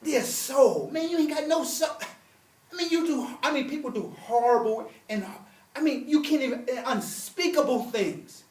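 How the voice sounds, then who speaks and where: Man, classroom teacher, emphatic, repeats himself, distant mic, roomy echo. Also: extremely high pitch. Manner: animated, emphatic, repeats points, reads Arabic quickly. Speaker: Arabic and religion teacher. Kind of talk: classroom lesson.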